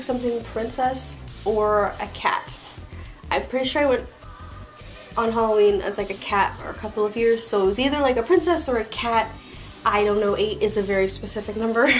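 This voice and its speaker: A young woman with a Floridian American accent chats casually in a tag video, her voice a little high. She's a vlogger who rambles, using plenty of "like" and "um". The recording is rough.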